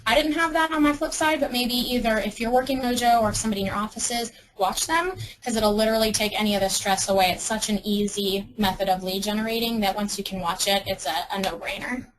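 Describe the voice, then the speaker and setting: A woman's voice: medium pitch, steady tone, fast, hardly any pauses, slight background noise, rough recording. A young woman giving a casual, upbeat webinar talk with many ums and restarts. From Arizona. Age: young adult. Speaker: webinar presenter.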